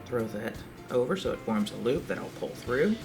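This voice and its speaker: A man's voice: mid-range voice, expressive, moderate pace. Man, craft tutorial, patient step-by-step explaining, light background music. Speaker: library craft instructor.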